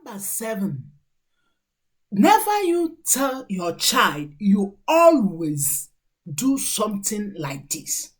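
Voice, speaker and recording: A woman's voice: mid-range voice, sing-song, slow, husky. A woman, a mother who hosts her own channel, giving earnest, preachy parenting advice to camera and counting off numbered points.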